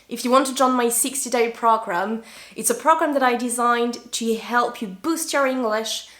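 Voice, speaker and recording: A woman's voice: fairly high pitch, fairly bright tone. French woman teaching English, echoey room. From France. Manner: slow and deliberate, repeating words for learners. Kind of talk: online English lesson.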